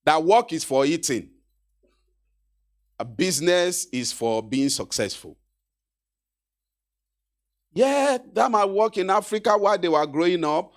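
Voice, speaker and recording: A man's voice: high-pitched, animated, a little slow, pauses often. Encouraging Nigerian man addressing graduates. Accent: Nigerian Yoruba. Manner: exhortative, anecdotal, with asides to the audience. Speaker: graduation speaker. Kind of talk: encouraging speech to an audience.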